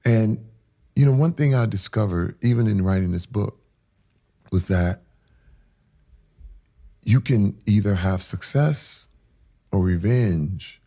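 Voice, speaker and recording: A man in his forties telling a painful personal story in rough, casual speech that builds to loud intensity. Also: lowish voice, takes it slowly, long pauses.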